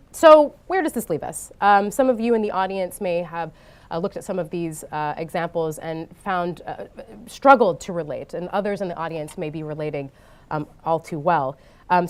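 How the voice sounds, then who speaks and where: A woman speaking from a conference stage to a live audience, with a voice of middling pitch. Her delivery is loose and unscripted, dotted with ums and uhs. She grows lively and animated whenever she tells a story. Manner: frequent ums and uhs, animated when telling anecdotes.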